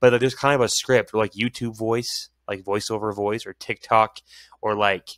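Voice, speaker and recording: Low-voiced rambling male co-host. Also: fairly even intonation, normal speed, a bit bright, no echo. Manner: rambling, loses his train of thought. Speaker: podcast co-host. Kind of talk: casual chat.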